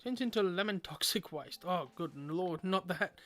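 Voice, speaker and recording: A man's voice: high-pitched, lively intonation, a little slow, a bit bright. A man streaming a game, chatting casually with viewers and rambling aloud with lots of fillers.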